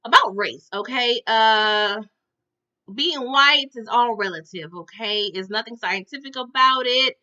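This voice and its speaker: A woman giving a casual TV episode recap, animated and slangy, often checking in with "okay?" and "y'all". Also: fairly high pitch, a little slow, dull audio. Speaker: TV recap reviewer.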